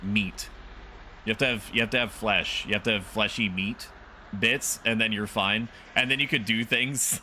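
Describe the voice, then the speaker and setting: A man's voice: on the low side, sharp tone, a little hiss or hum. Joking man streaming a game. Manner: joking, laughing, rambling. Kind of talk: casual live game-stream commentary.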